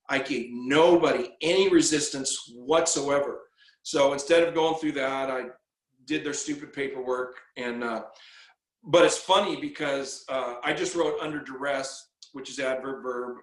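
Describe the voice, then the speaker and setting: A man with a fairly high voice tells a long personal story in loose, casual talk. He stumbles and repeats words and acts out the back-and-forth he recounts. The room around him rings with echo. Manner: rambling, repeats words, acts out quoted exchanges. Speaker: guest telling his story.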